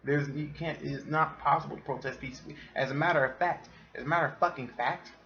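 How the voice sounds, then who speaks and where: A man's voice: fairly high pitch, fast, dull audio. A man hosting a casual solo podcast, ranting with lots of swearing and frequent laughter. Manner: profane, animated, laughs often. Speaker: podcast host.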